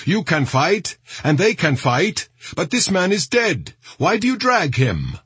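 An outraged soldier demands answers, his voice pushed up high and strained above a husky grain, as a male narrator puts him on. The questions come hard and reproachful. The recording is close and dry. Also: huge pitch swings, a little slow, fairly bright tone, no echo, heavily acted. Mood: indignant. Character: angry indignant male soldier, adult. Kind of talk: audiobook reading with voiced quotes.

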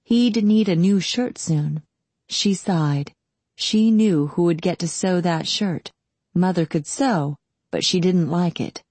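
A woman narrating an audiobook in a calm, steady storytelling manner. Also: lowish voice, slow pace, no room sound. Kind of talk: scripted narration.

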